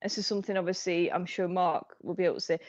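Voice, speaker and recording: A woman's voice: fairly low pitch, fairly even intonation, fast talker, darkish tone. A woman with a Northern English accent in casual podcast chat, reviewing a TV episode with plenty of giggling. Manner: giggly, chatty, reads out chat comments. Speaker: podcast co-host. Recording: dull lo-fi audio.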